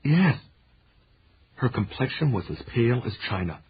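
A man reading a novel aloud in an even, measured storytelling manner. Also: lowish voice. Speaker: narrator. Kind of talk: audiobook narration. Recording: dull lo-fi recording with faint hiss.

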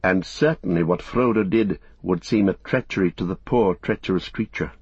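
A man steadily narrating an audiobook in a measured storytelling manner. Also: deep voice, a little mellow, husky, no room sound. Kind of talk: scripted narration. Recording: dull, muffled recording.

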